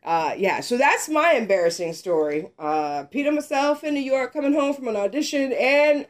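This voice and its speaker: A woman's voice: high voice, animated, moderate pace. A woman hosting a podcast in casual chat, teasing her co-host and swearing freely. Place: small living room.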